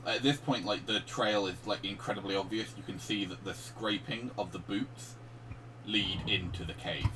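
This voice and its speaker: A man's voice: on the low side, normal speed. A man narrating as game master of a tabletop game, rambling, with many fillers and restarts. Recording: distant mic with faint hum.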